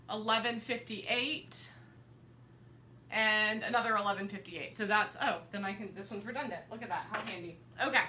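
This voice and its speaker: Speaking straight to her audience, this young quilting instructor keeps up friendly chatter during a live-streamed quilting demonstration. Her pitch is fairly high and her tone sharp, recorded in an echoey room with a little hiss or hum.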